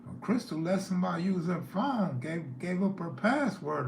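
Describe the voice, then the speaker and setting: A man's voice: sits high, big pitch swings, moderate pace, vocal fry, echoey room, slight background noise. A man hosting a live stream, telling neighborhood stories in a laid-back way and reading chat aloud.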